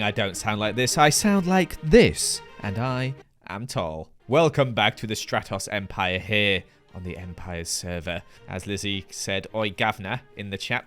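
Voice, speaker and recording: A man's voice: mid-range voice, fairly bright tone. A man giving playful, mock-boastful commentary over his Minecraft let's-play, teasing his viewers. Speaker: gaming YouTuber.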